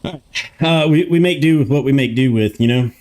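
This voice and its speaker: A man's voice: mid-range voice, a little fast, darkish tone. A young man live streaming from a room in his home, chatting casually, grumbling to himself and swearing often.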